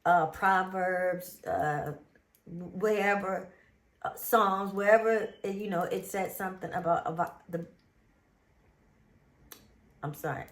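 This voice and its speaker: A woman host, reading Bible verses in a casual faith talk, animated and emphatic, repeating phrases. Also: mid-range voice, echoey room. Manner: animated, emphatic, drawn-out repetitions. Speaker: show host.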